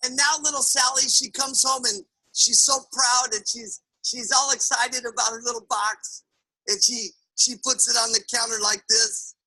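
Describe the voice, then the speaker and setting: A man's voice: extremely high pitch, fairly even intonation, moderate pace, sharp tone, slightly rough, poor audio. A man giving a motivational sales talk, telling emphatic stories and often checking in with his listeners. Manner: emphatic storytelling, keeps asking "okay?". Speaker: sales trainer.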